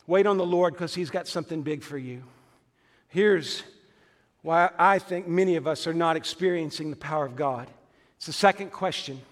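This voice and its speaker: A man's voice: high voice, fairly bright tone, in a large hall. A man preaching a fervent sermon as a pastor, emphatic and full of rhetorical questions.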